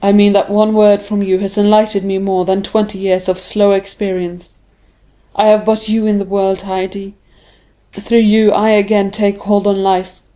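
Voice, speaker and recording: A grave, brooding nobleman speaks in a low and measured way, as read by a woman narrator. The voice is mellow and dark-toned. Storybook delivery. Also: level tone, natural voice. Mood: solemn.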